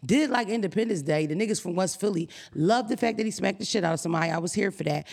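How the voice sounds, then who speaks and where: A woman's voice: medium pitch, quick pace, vocal fry, darkish tone. A woman hosting a podcast, ranting brashly and comically with lots of swearing. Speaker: podcast host. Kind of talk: casual podcast chat.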